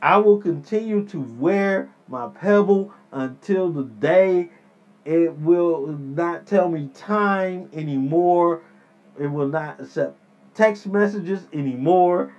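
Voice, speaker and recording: A man talks through his own solo podcast in a rambling, repetitive way, often turning to his listeners directly. His voice sits a little high for a man and he speaks slowly. The recording sounds dull and lo-fi. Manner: rambling, repeats himself, addresses listeners as people. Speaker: podcast host. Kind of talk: casual solo podcast rant.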